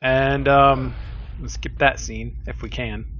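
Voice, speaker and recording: An older man hosts a let's play in a mid-range, fairly even voice, speaking slowly. His casual commentary rambles, pokes fun at himself, and is packed with fillers. The recording sounds slightly dull and lo-fi, with faint music behind it.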